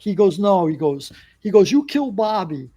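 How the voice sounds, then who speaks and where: A man's voice: high-pitched, normal speed. A man telling a long story as a podcast guest, acting out what people said. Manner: animated storyteller, acts out quotes. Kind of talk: casual storytelling.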